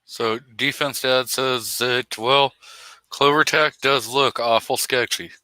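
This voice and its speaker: A laid-back man co-hosts a casual chat, teasing his friend and reading viewer comments. He speaks slowly, and his voice is very bright and forceful. The sound is dry and close-miked. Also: mid-range voice, fairly even intonation, no room sound.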